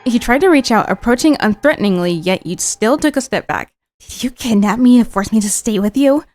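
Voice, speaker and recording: A woman's voice: a little high, animated, fairly quick, darkish tone, soft background music. A young woman streamer reading a visual novel aloud and breaking off into giggly, teasing asides.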